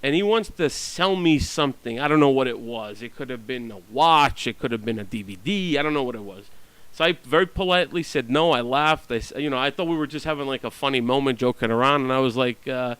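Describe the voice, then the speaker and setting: A man's voice: mid-range voice, fairly quick, fairly bright tone, clean tone, dry recording, low-quality recording. A man venting about his neighbors in a blunt, profane, ranting monologue. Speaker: vlogger.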